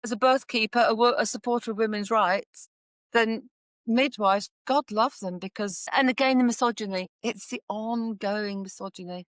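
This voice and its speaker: A woman's voice: on the high side, moderate pace, no echo. A woman, a doula, telling birth stories in a podcast interview with passion and frequent restarts.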